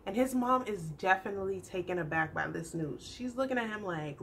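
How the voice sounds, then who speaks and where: A young adult woman chatting through a casual TV recap, animated and acting out the people she describes. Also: medium pitch, a little fast, gravelly, heavy background noise. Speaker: YouTube TV recap host.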